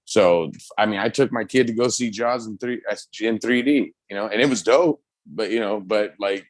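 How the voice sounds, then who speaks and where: Deep-voiced man, profane, excitable. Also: normal speed, dry recording. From United States. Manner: loose, profane, excitable storytelling. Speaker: podcast co-host. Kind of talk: casual chat.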